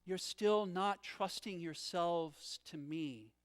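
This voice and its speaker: Guy doing a calm grave teacher scolding his followers, quiet and low, really slow. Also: clear, resonant tone. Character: calm, grave male teacher rebuking disciples.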